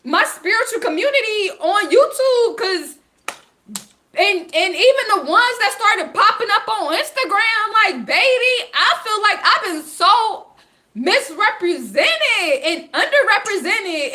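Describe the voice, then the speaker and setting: A woman, talking to her viewers in an animated, frustrated, laughing rant about spirituality. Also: very high voice, takes it slowly. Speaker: vlogger. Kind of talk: casual spiritual rant to camera.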